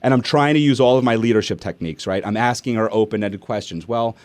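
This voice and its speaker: Middle-aged male host, low voice, dry close sound, animated storyteller. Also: quick pace, no echo. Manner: animated, acts out family dialogue. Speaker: podcast host and speaker. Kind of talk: casual storytelling in an interview.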